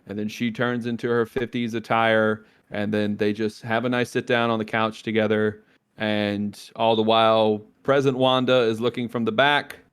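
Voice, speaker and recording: In casual podcast chat, a co-host with a clean, fairly low-pitched voice recaps a TV episode. He retells the scenes in an animated way, acting out what the characters say.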